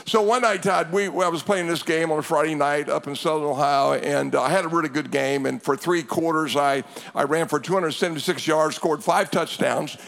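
An older man preaching as a pastor and coach, telling a childhood story in an animated way. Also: fairly high pitch, brisk, gravelly. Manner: animated storytelling, sound effects. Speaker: pastor and coach, father of co-host. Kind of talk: storytelling sermon.

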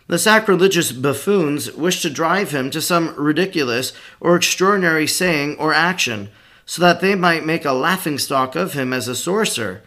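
A man narrates a devotional audiobook with a steady, formal read-aloud delivery. His voice sits somewhat high for a man. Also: moderate pace. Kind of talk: scripted narration of a devotional text.

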